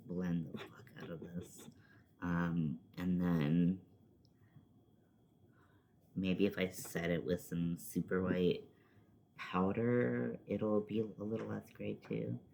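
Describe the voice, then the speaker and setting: A man's voice: low voice, fairly even intonation, slow, vocal fry, darkish tone, a little hiss or hum. A man talking casually through a makeup tutorial at home, rambling and self-deprecating, with the odd muttered swear. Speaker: makeup vlogger. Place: at home, seated at a desk with a laptop.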